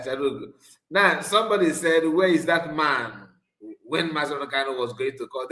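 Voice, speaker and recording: A man's voice: medium pitch, fairly bright tone, roomy sound, poor audio. Man hosting a live call-in. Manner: addresses callers as sir, halting with fillers. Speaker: live program host.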